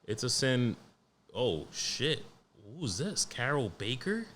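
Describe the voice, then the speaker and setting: Profane, blunt young podcast host. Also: male voice, medium pitch, big pitch swings, slow, a bit bright. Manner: profane, blunt and joking, reading news aloud. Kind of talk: casual solo podcast monologue.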